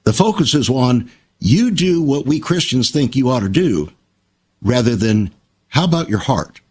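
Older man, husky voice, lively intonation, emphatic radio-talk storyteller. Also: medium pitch, measured pace. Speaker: Christian broadcaster. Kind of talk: conversational talk show.

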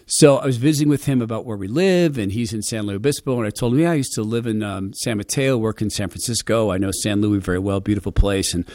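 A man's voice: on the low side, a little mellow, no echo. Middle-aged guy radio host, earnest heartfelt storytelling, chatty, dry close sound. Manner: earnest, heartfelt, conversational with quick restarts. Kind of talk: storytelling monologue to listeners.

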